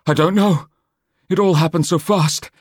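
A wounded young scholar gasps out his words in raw panic, his voice pushed high and strained above the reader's own. A man acts him out in a dry, close audiobook recording. The fear never lets up. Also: moderate pace, no echo. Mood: terrified. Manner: gasping, panicked. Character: wounded young male scholar, shaken and terrified.

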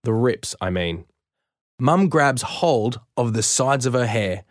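A man narrating a first-person storybook aloud in a wry, lively way. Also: medium pitch, slow pace, no room sound, clean studio sound. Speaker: audiobook narrator.

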